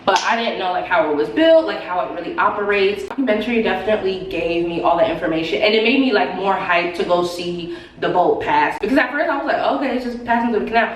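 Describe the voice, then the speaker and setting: A woman's voice: lowish voice, lively intonation, quick pace, far from the mic, a little hiss or hum. A chatty woman travel vlogger talks casually about her trip, full of gushing exclamations. She is heard from a little away from the mic, in a roomy space with faint ambience behind her. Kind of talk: casual vlog chat.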